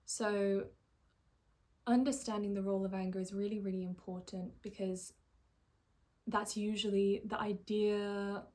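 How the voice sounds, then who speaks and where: The speaker is a life coach, a woman whose voice is medium in pitch. She keeps a calm, considered tone throughout, gently slowing and quieting for emphasis.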